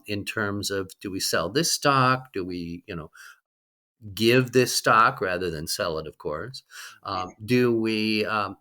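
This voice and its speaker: A man's voice: on the low side, sharp tone. A man in his sixties, a guest on an interview podcast, speaking reflectively with frequent ums. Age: 60s. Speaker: guest, fundraising leader.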